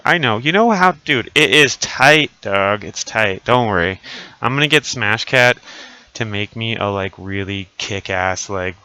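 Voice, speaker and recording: In his thirties and wearing a costume mask, a man trades crude, profane jokes with viewers in casual live-stream chat. His mid-range voice sounds pushed and bright, with a clean tone and no room sound. He speaks into a desk mic, and the mask muffles him only a little.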